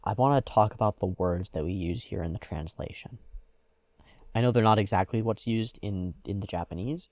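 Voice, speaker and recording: Low-voiced man musing in dry sound. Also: moderate pace, a little mellow, no echo. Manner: thoughtful, analytical, hedging with "like". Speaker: anime reaction host. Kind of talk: casual reflective commentary.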